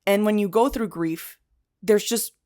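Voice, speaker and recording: A woman's voice: mid-range voice, measured pace, dark tone. A woman hosting a podcast in casual chat, speaking candidly and dropping Spanish fillers into her talk. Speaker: podcast host.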